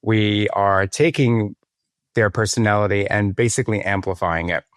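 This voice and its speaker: A man's voice: lowish voice, normal speed, no room sound, studio quality. A man, a casting producer, telling anecdotes in an interview and acting out the dialogue. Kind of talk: interview storytelling.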